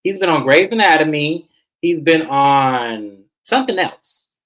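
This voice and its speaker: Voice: medium pitch, expressive, unhurried, a bit bright, low-quality recording. A reality TV recap host giving casual, sassy commentary and repeating phrases for emphasis.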